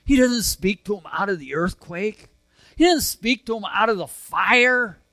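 A man preaching a sermon, earnest and conversational, swinging between emphatic lines and soft, hushed ones. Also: high-pitched, animated, unhurried, no echo. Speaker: pastor.

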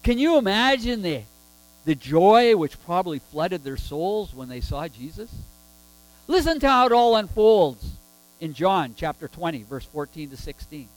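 High-voiced man preaching a sermon. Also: no room sound, rough recording. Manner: emphatic with rhetorical questions.

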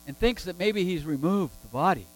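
A man's voice: high-pitched, expressive, brisk, rough recording. A man preaching a sermon, emphatic and full of rhetorical questions.

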